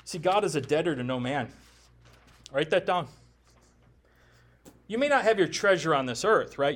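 A pastor from the United States preaching a sermon in a conversational style, with joking asides and frequent rhetorical questions to the congregation. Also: male voice, fairly high pitch, expressive, moderate pace, pauses often, a bit bright.

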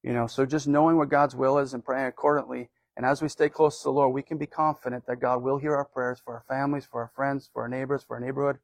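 A man's voice: medium pitch, level tone, fast, vocal fry, few pauses, dry recording. A man from the United States giving an informal sermon in a loose, rambling way, with many fillers and restarts. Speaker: preacher.

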